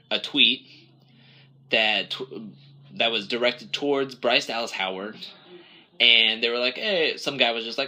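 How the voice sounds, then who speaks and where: A man's voice: mid-range voice, pushed and bright. A man co-hosting a podcast in casual chat, rambling and correcting himself as he acts out quotes. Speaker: podcast co-host.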